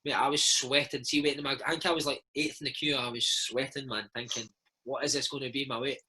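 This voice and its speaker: A Scottish man in his thirties, a former footballer, telling animated stories in a casual interview and slipping into impressions. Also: medium pitch, quick pace, husky, low-quality recording. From Scotland. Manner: animated storyteller, slips into impressions of his old coach.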